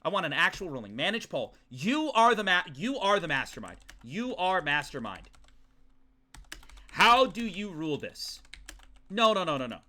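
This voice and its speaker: A man with a high, very bright voice delivers live game commentary, swinging wildly in pitch. He rants and swears at the game and talks to his chat. Soft music plays faintly underneath. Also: normal speed. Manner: excitable, ranting, swears often. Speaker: streamer.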